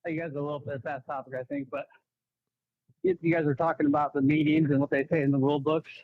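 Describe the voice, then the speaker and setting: A man's voice: on the high side, little pitch movement, fast, no room sound. A man calling in to a radio show, telling a work story loosely with chuckles. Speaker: caller. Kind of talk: casual call-in anecdote. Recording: dull phone line.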